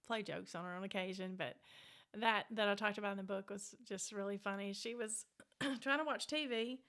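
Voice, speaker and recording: A middle-aged woman with a Mississippi Southern accent, an author telling family stories in a casual interview, animated and quick to act out voices. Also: medium pitch. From Mississippi Delta. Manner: animated, acts out quoted voices, laughs often. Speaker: author, guest.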